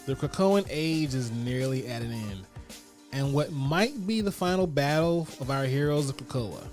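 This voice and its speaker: Male podcast host, slangy and hyped, middle-pitched voice, faint music underneath. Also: lively intonation, normal speed, darkish tone. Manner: hype, slangy, talks straight to listeners. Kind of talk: casual podcast chat and rapid review rundown.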